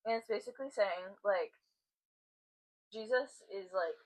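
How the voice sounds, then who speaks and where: A young woman co-hosting a casual faith podcast, soft and hesitant, with many fillers. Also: mid-range voice, measured pace, low-quality recording. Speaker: podcast co-host.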